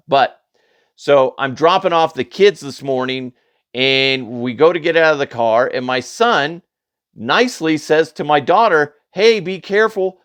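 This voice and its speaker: A man hosting a comedy news podcast, telling funny stories in a chatty, animated way and laughing at his own jokes. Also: a little high, clear, resonant tone, dry recording. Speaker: podcast host. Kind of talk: casual comedic storytelling.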